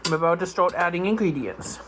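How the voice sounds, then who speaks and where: A vlogger chatting casually on camera at home in a kitchen, excitable and full of fillers, sometimes eating while talking. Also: mid-range voice, a little fast, background noise. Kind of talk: casual chat and on-camera food tasting.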